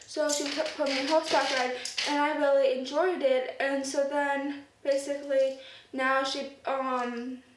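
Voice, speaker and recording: A woman's voice: high voice, little pitch movement, moderate pace. A woman chatting casually to her camera as a vlogger, rambling with lots of fillers. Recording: roomy echo, distant mic, faint noise.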